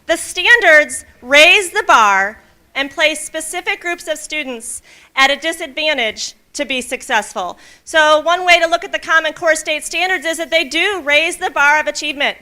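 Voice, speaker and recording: Bright, lively woman leading a teacher workshop. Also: high voice, normal speed. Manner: animated storyteller who voices the characters, then asks the room "okay?". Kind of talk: reading a picture book aloud, then leading a workshop. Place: conference room at a teacher training day.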